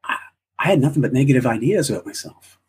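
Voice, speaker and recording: A man's voice: medium pitch, animated, quick pace, a little mellow, husky. A man being interviewed, speaking in a reflective, encouraging way with frequent restarts. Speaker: interview guest. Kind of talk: casual interview chat.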